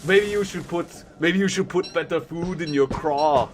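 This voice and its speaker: A man's voice: a little high, normal speed, background noise. A man hosting a game live stream, chatting playfully with viewers and laughing often. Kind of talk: casual live stream chat.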